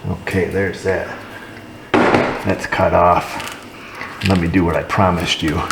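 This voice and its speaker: An auto repair technician diagnoses a truck while narrating casually and tossing dry, joking asides to viewers. His low-pitched voice is slow and level with vocal fry, set against heavy background noise and roomy shop echo.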